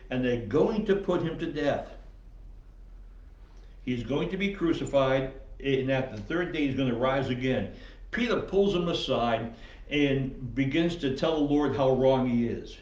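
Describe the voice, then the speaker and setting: A man's voice: a little high, a little mellow, echoey room, recorded from a distance, highs cut off. A man preaching a casual sermon as pastor, with many fillers and quotes he acts out. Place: church sanctuary.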